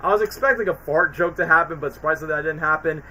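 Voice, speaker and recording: Man, casual stream chat, rambling, excitable, slightly high voice, very bright tone. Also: fast, low-quality recording. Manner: rambling and excitable, many fillers. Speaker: streamer reviewing films.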